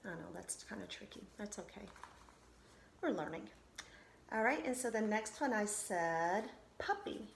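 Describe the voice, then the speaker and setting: A woman's voice: medium pitch, lively intonation, a little slow, gravelly, roomy sound, a little hiss or hum. A woman teacher giving a recorded phonics lesson to children, patiently sounding out syllables and reassuring them.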